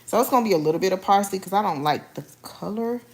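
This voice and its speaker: A woman's voice: mid-range voice, expressive, fast. Chatty woman cooking live for viewers. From Haiti. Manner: chatty, addresses viewers as y'all. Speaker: cooking vlogger. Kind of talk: casual live cooking stream. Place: home kitchen.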